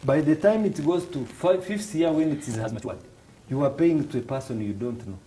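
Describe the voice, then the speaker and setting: A man with a Rwandan English accent and a voice on the high side talks fairly quickly over a low-quality recording with a little hiss or hum. A financial literacy instructor, he explains financial markets to students, animatedly acting out little dialogues in raised voices and restarting his phrases hesitantly.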